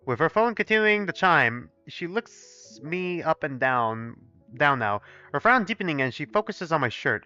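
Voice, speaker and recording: Animated, profane young man streaming a game. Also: medium pitch, normal speed, dull audio, faint music behind. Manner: animated, profane, talks to chat. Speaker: gaming streamer. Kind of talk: live let's play, reading aloud and commenting.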